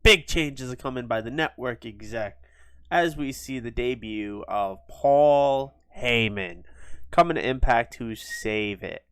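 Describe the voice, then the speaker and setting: A man's voice: medium pitch, a bit bright, clear, resonant tone, no echo. Guy rambling thru a wrestling sim, mid voice, dry close mic. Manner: quick and offhand, with fillers. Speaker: gaming video host. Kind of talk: casual commentary on a wrestling sim game.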